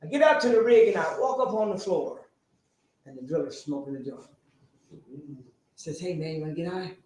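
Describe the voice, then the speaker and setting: Animated man in echoey hall. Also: a little high, moderate pace. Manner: animated storytelling, rising to shouts. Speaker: speaker sharing a recovery story. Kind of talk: testimony to a live audience. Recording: very echoey room, faint noise.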